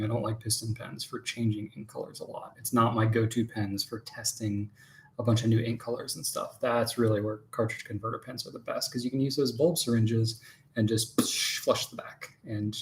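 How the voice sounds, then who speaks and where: A man's voice: mid-range voice, level tone, moderate pace, slight background noise. A man co-hosting a casual live chat from home, explaining things in an easygoing way. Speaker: co-host answering viewer questions.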